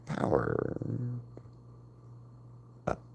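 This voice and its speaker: While painting, a man chats casually with his live-stream viewers, rambling and poking fun at himself as he answers his chat between pauses. There's a little hiss or hum in the audio.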